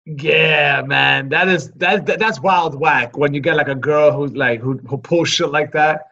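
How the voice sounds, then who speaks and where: Chill podcast host dude, kinda stumbly, voice a bit high, muffled audio. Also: male voice, measured pace, gravelly, pushed and bright. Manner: laid-back, stumbling over his words. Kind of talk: casual chat.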